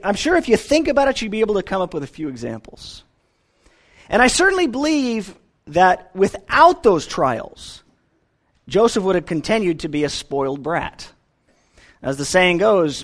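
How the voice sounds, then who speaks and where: A man preaching a sermon to a church congregation, telling stories earnestly with frequent restarts. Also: high-pitched. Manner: earnest, animated storytelling with repeated restarts.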